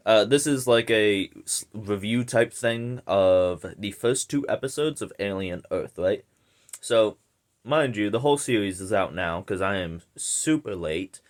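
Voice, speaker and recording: A man with a hoarse, slightly sick voice, rambling through a casual video review with lots of fillers and slang. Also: lowish voice, animated, measured pace. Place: indoors at home.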